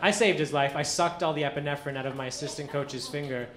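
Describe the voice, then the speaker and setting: A man performing a stand-up comedy set on a club stage, telling deadpan stories with acted-out quotes. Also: a little high, fast. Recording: echoey club with audience noise. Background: audience laughter.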